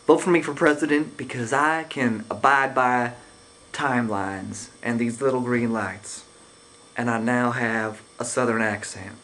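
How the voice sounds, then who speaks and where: A man's voice: mid-range voice, fairly even intonation, a little slow, fairly bright tone, a little hiss or hum, lightly acted. A man doing a muttering old politician impression. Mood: mocking. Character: impression of an older male politician, mumbling and sleazy.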